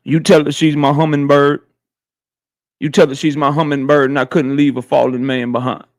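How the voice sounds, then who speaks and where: A man doing an impression of a gruff male action-movie convict hero, quoting lines in a slow, low, solemn delivery. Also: flat delivery, no echo, studio quality, close to an everyday voice.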